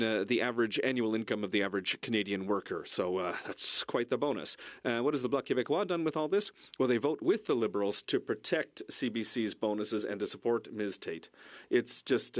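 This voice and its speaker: A man from Quebec, a member of parliament, giving a halting speech in a legislative chamber with many fillers. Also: medium pitch, no room sound, studio quality.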